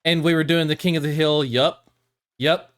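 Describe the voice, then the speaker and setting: A man's voice: on the high side, fairly even intonation, moderate pace, a bit bright. A man co-hosting a podcast in an easygoing, thoughtful manner. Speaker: podcast co-host. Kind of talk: casual podcast chat.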